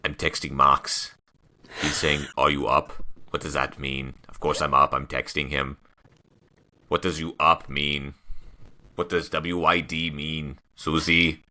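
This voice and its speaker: A man doing a puzzled, slow team boss. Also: a bass voice, little pitch movement, sharp tone, full character voice.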